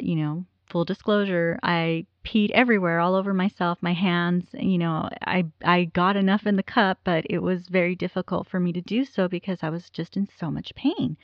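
A woman's voice: lowish voice, no echo, muffled recording. A woman in her forties telling a personal story in a candid, rambling way, with many fillers. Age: 40s.

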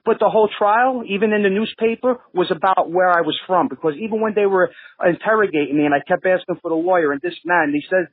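A man's voice: high-pitched, quick pace, husky, no room sound. A man with a New York accent, born in Brooklyn, telling stories in a rambling, restarting way on a podcast. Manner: rambling, many restarts and fillers. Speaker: podcast regular. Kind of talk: casual storytelling. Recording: phone-line audio.

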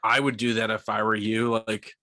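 A man's voice: lowish voice, normal speed, dry recording, studio quality. A young man in his twenties, a podcast co-host telling a story in a casual, profane way, full of "like". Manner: profane, animated, lots of "like".

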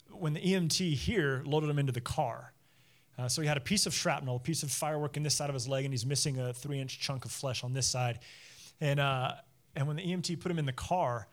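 A man's voice: medium pitch, moderate pace. A man in his thirties or forties, a pastor giving a sermon through chatty personal stories with frequent laughs. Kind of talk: conversational sermon storytelling. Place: church service.

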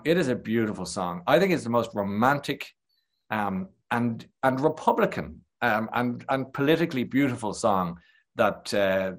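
An Irish man with a lowish voice, talking as a guest in a relaxed chat. He tells anecdotes with plenty of energy and drops into quick impressions of people he describes. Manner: animated anecdotal storytelling, slips into impressions. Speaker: guest, TV presenter. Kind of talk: casual chat.

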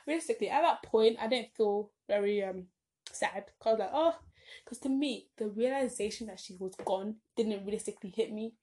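With a mid-range, slightly mellow voice and a brisk pace, a young woman, perhaps a teen, chats casually on her vlog. She rambles, breaks off mid-thought with lots of "like"s, and adds sudden dramatic emphasis.

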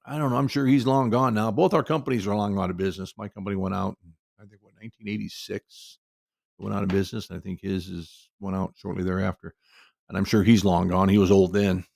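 A man's voice: fairly low pitch, gravelly, dry recording, clean studio sound. A middle-aged man telling a casual personal anecdote in a rambling, folksy way with lots of asides. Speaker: storyteller.

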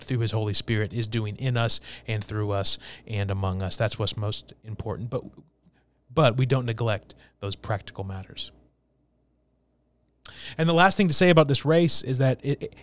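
A man preaching a sermon as a church pastor, talking emphatically and asking the congregation rhetorical questions. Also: mid-range voice.

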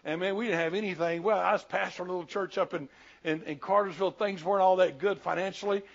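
A man's voice: high voice, fairly even intonation, fast, gravelly. A middle-aged man preaching a sermon in a folksy, plain-spoken way with colloquial asides. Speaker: pastor. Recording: dull lo-fi sermon recording.

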